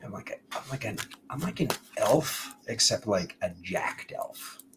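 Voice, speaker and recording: A man's voice: lowish voice, expressive, a little slow, heavy background noise. A man giving a casual, playful tarot reading, rambling between jokes and card meanings. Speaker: tarot reader.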